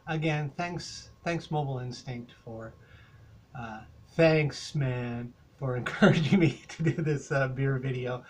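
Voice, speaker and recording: A man's voice: mid-range voice, a little slow, darkish tone. Rambling older Canadian man. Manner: rambling, hesitant, many fillers. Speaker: beer reviewer vlogger. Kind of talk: casual rambling beer review.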